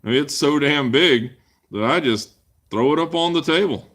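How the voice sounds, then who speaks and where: A man's voice: a little high, moderate pace, fairly bright tone. A man hosting a casual live chat Q&A, rambling and making crude jokes as he answers viewers. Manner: rambling, crude joking banter. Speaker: livestream host answering chat.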